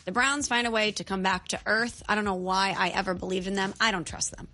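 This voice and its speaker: A woman's voice: mid-range voice, steady tone, fairly quick, pushed and bright. Woman, sports co-host, skeptical, punchy, music bed behind. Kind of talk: sports debate chat.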